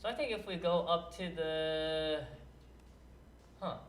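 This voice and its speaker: A man's voice: fairly high pitch, slow pace, pauses often, slight background noise. A man hosting a game livestream, curious and thinking aloud while he plays, in casual chat. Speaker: livestream host. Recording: roomy echo.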